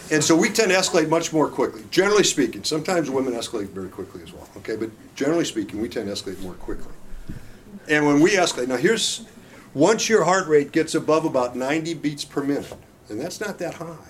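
A man's voice: on the high side, a little hiss or hum. A middle-aged man giving a conversational marriage seminar talk, folksy and joking, often checking in with his listeners. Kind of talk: conversational lecture to an audience.

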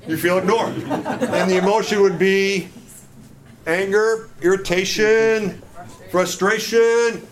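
A man's voice: sits high, fairly even intonation, takes it slowly. A middle-aged man presenting a marriage workshop, joking with the audience and constantly checking in with "right?". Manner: jokey, quizzes the audience, keeps asking "right?". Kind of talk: humorous live lecture to couples. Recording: live talk with audible audience. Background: live audience reacting.

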